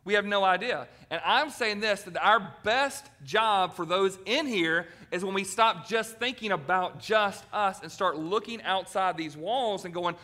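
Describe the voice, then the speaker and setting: A man preaching a sermon as pastor, animated and acting out quoted voices. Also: high voice, normal speed. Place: church sanctuary.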